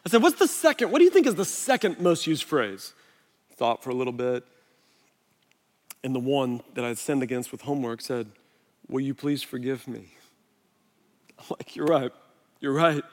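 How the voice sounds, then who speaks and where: A middle-aged man, a pastor on a body mic, preaching a sermon in a relaxed, conversational way and telling stories against himself. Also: mid-range voice, normal speed, long pauses. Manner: conversational, self-deprecating storytelling. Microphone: wireless body mic. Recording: long hall reverb.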